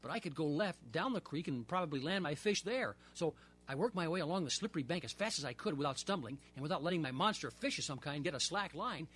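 Male storyteller, children's book read-aloud, husky voice, very animated pitch. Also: quick pace. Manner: lively, expressive storytelling.

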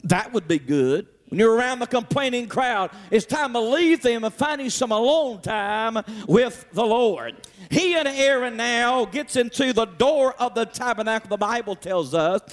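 A man preaching a Sunday sermon, emphatic, rising to shouts and calling out to his congregation. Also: very high-pitched, lively intonation, normal speed. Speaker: pastor.

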